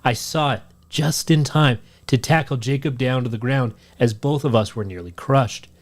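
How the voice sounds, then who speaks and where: A man's voice: medium pitch, normal speed. Man reading a scary story aloud. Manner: steady storytelling read, shouts out the quoted lines. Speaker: podcast co-host.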